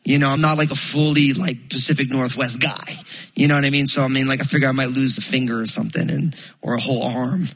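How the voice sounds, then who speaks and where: A pastor from New Jersey preaching a sermon, telling a story in a loose, chatty way full of fillers. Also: male voice, mid-range voice, fairly even intonation, quick pace, a bit bright, slight background noise, rough recording.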